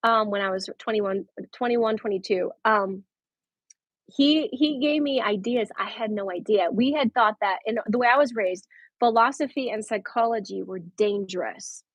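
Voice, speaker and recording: A woman in her thirties, a guest telling her story in casual conversation, animated and laughing often. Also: medium pitch, normal speed, no echo, low-quality recording.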